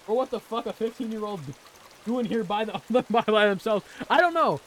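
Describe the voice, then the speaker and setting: A man hosting a gaming channel, reacting to a story game with excitable, profane, slang-heavy rants. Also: high voice, a little fast. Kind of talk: casual let's play reaction commentary.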